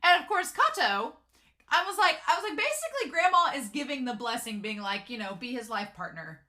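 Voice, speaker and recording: A woman chatting casually through an episode recap, full of "like" and quick asides. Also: high-pitched, big pitch swings, sharp tone. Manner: chatty, giggly, lots of "like" and filler. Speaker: anime reviewer.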